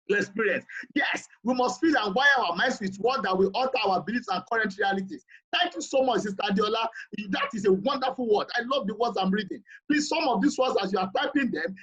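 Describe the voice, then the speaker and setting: A man's voice: very high voice, fairly bright tone, husky, dull audio. A man giving a motivational seminar talk, emphatic and repetitive, pressing his listeners with questions. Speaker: seminar speaker.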